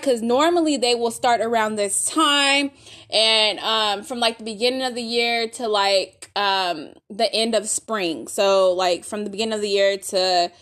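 A woman's voice: a little high, a bit bright. A woman giving a casual spoken testimony, rambling and faith-filled, calling her viewers y'all.

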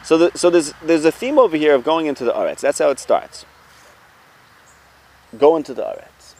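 A man's voice: fairly high pitch, expressive, brisk, a little mellow. A man giving an informal Torah lesson, talking things through conversationally with rhetorical questions and restarts. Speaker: Torah teacher.

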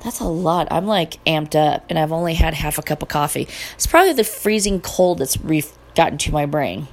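A middle-aged woman hosting her own podcast, talking casually in an animated, indignant and sarcastic way. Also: deep voice, normal speed. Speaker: podcast host. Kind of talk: casual solo podcast rant.

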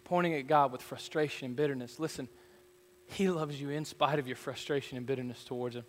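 A man's voice: mid-range voice, fairly even intonation, a little fast, in a large hall, slight background noise. A man preaching as a pastor, earnest and rising into fervent prayer, in a church sanctuary. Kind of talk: sermon.

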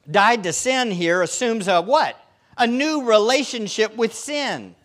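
A man's voice: extremely high pitch, sing-song, unhurried, fairly bright tone. A male pastor preaching a sermon, emphatic and fond of putting rhetorical questions to his congregation.

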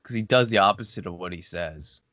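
A man's voice: low voice, a little fast, a bit bright, no echo. A man co-hosting a podcast in loose, jokey conversation, often laughing and tripping over repeated words. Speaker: podcast co-host. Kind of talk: casual comedic chat.

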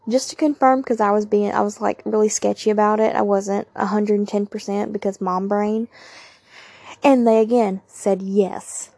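A woman's voice: medium pitch, gravelly, darkish tone, no echo, clean studio sound. A young woman, candidly telling a personal story on her podcast with emphatic asides to listeners. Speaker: podcast host.

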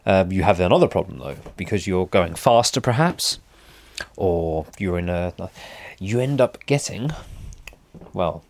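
A man's voice: low voice, animated, unhurried, a little mellow, no echo. Rambling man telling a story. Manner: rambling, self-correcting, wry. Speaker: motorcycle vlogger. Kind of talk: casual storytelling chat.

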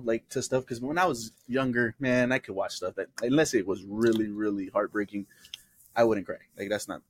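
This low-leaning male voice sounds dry, with no echo. He's a young adult podcast co-host in casual conversation, animatedly spinning stories and performing other people's quotes.

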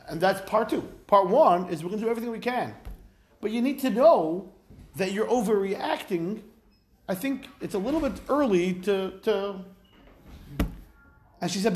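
Lively high-voiced man teaching. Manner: lively, conversational, mixes Hebrew phrases into English. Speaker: Torah teacher. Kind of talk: informal Torah class.

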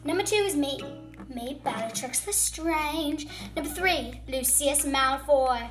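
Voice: high voice, measured pace. A child playing a boastful, scatterbrained female witch villain in a fan role-play video, with music behind. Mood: gleeful. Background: background music.

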